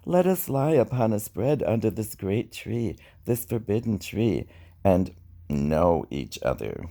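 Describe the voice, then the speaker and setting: A man voicing himself as Eve in a soft falsetto, within a spoken-word poem. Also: very animated, unhurried, vocal fry, full character voice. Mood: tender.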